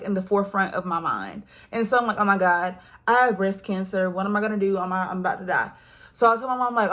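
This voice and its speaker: A young woman, telling a personal story in casual vlog style, acting out quoted voices and dropping to hushed asides. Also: medium pitch. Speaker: vlogger.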